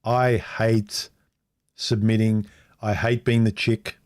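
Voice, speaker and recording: This middle-aged vlogger speaks slowly in a low voice with a flat delivery, telling a personal story on a casual livestream. He is frank and meanders, restarting sentences often and imitating the speech of people he quotes.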